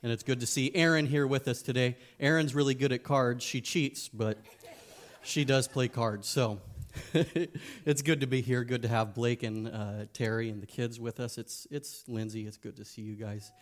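A man's voice: medium pitch, steady tone, normal speed. A man giving a casual sermon as a youth pastor, joking and speaking frankly.

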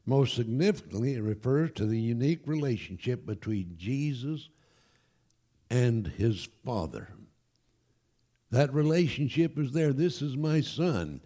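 A man preaching a sermon to his congregation, emphatic and animated, with folksy asides. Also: medium pitch. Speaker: pastor. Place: church.

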